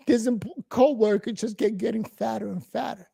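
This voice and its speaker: A man's voice: high voice, brisk, vocal fry, few pauses, warm tone, slightly rough. A man in his forties from New York, giving a blunt, profane, rambling casual monologue as host.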